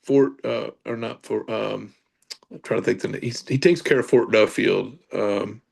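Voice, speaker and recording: A man's voice: on the low side, normal speed, gravelly. A man, a podcast guest telling paranormal stories in a loose, rambling way. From Kentucky. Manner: rambling, with fillers and self-corrections. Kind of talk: casual storytelling.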